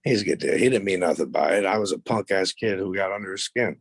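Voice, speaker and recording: A man's voice: low voice, quick pace, creaky, breathy edge, no room sound. A man as a podcast guest, telling stories in a blunt, profane, boastful way. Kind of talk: casual storytelling interview.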